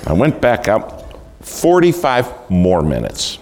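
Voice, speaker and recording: A man with a low voice preaches in a folksy, storytelling way. He keeps turning to the audience with questions. A faint noise sits under the recording. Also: wildly swooping pitch, takes it slowly, darkish tone. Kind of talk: sermon.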